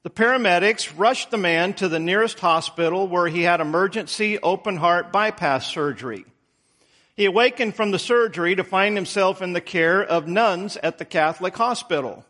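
A man who pastors a church, telling jokes and then preaching a sermon in a halting, reflective way. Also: high voice, bright, forceful tone.

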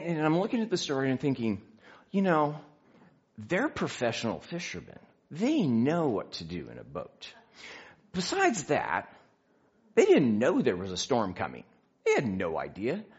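A man in his fifties giving a personal testimony in church, an animated storyteller who acts out conversations and pokes fun at himself. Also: medium pitch, moderate pace, breathy edge, lo-fi sound. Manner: animated storyteller, acts out dialogue, self-mocking. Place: church sanctuary.

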